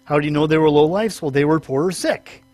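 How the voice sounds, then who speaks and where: Higher-pitched male pastor teaching, dry sound. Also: quick pace, darkish tone, dry recording, faint music behind. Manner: conversational, self-correcting, rises in pitch for emphasis. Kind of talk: sermon teaching.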